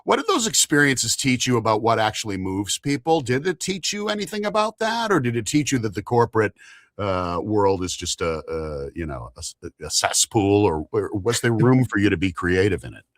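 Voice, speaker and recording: A man hosting a live-streamed interview in casual chat, animated and enthusiastic, swearing casually. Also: lowish voice, moderate pace, dry recording, clean studio sound. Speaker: podcast host.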